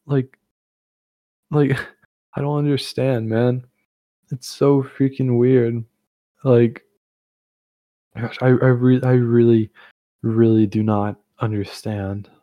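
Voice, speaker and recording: A man's voice: medium pitch, steady tone, takes it slowly, pauses often, muffled recording. A young man hosting a casual chat, rambling with lots of fillers and restarts. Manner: rambling, full of fillers and self-corrections. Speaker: host.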